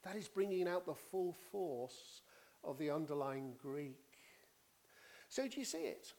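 A man preaching an expository sermon, teaching deliberately and driving points home with emphatic repetition. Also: a little high, very animated, gravelly, darkish tone.

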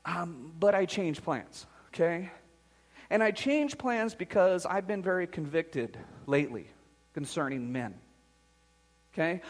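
A middle-aged man preaching a sermon as pastor, earnest and emphatic, in a church sanctuary. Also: high-pitched. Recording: long reverb of a large hall.

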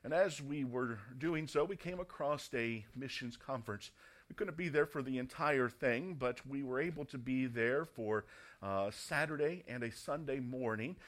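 A middle-aged male pastor delivers a sermon in a mid-pitched voice. He tells an anecdote with humour and leans on words for emphasis. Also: normal speed. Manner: storytelling, humorous, emphatic.

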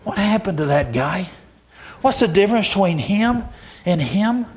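A repentant male criminal pleads with rising urgency, as a preacher acts him out. His voice climbs well above the preacher's usual pitch. The words come slowly and are pressed hard. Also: big pitch swings, a little mellow. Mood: pleading.

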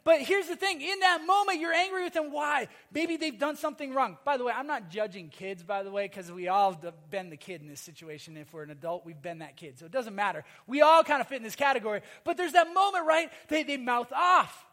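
A male pastor preaching in a strikingly high voice. He presses his points by repeating phrases and calling for amens. His delivery swings from loud insistence to quiet, hushed lines. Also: fairly quick, hardly any pauses. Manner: emphatic, repeats phrases, calls for amen. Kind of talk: sermon.

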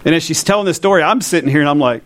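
A pastor preaches to his congregation in a church. He keeps it conversational and keeps asking the listeners questions. His voice sits a bit higher than most men's. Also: racing, fairly bright tone. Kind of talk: sermon.

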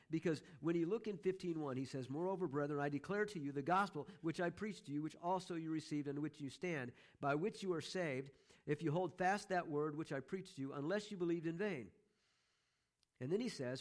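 Emphatic middle-aged male preacher. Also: a little high. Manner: emphatic, repeats key phrases, slows down for stress. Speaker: pastor. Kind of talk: sermon.

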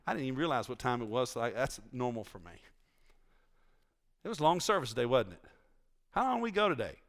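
A man's voice: mid-range voice, big pitch swings, a little fast. A male preacher giving a conversational sermon in a church, teasing his congregation and asking them questions.

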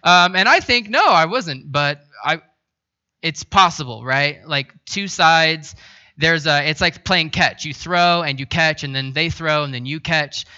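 A male pastor preaching in a loose, chatty storytelling style, poking fun at himself along the way. His voice is very bright and sits fairly high, and the recording sounds a little dull. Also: a little slow, smooth. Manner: conversational storytelling, self-deprecating. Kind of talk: sermon.

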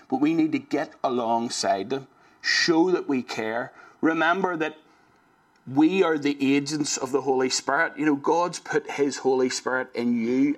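A man preaching a sermon in an earnest, conversational way, often restarting and saying "you know". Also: mid-range voice.

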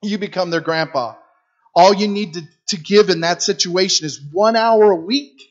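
A man's voice: high-pitched, moderate pace, highs cut off. A middle-aged man preaching a sermon in a conversational, storytelling way, repeating phrases for emphasis. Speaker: guest preacher for a youth ministry.

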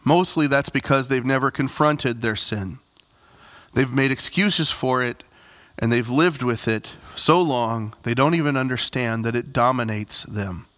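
A man's voice: mid-range voice, unhurried, a bit bright. A male pastor preaching a sermon, earnest, building to emphatic repeated phrases and addressing the congregation directly.

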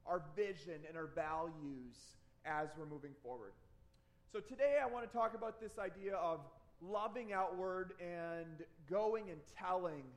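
Male pastor, 30s, high-pitched, conversational and lively sermon delivery. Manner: conversational, animated, repeats words for emphasis.

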